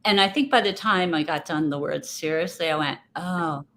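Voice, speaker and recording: A woman's voice: low-pitched, a little fast, a bit bright. A woman guest speaking in a casual interview, reflective and rambling, often restarting her thoughts. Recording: faint background noise.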